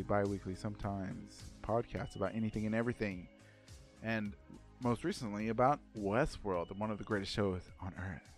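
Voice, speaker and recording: A man's voice: lowish voice, moderate pace, soft background music. A man co-hosting a podcast in casual chat, laid-back and joking, rambling a little. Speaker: podcast co-host.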